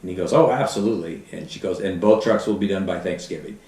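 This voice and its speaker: A middle-aged man, a fire battalion chief, telling animated anecdotes and acting out quotes in a casual interview. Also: sits low, quick pace. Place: podcast studio. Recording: roomy, somewhat distant mic.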